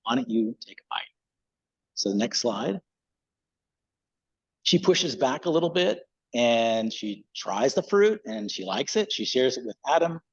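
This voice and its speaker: A man's voice: mid-range voice, big pitch swings, unhurried, husky, dull audio. A male pastor giving a casual, conversational sermon in a church, with loose fillers.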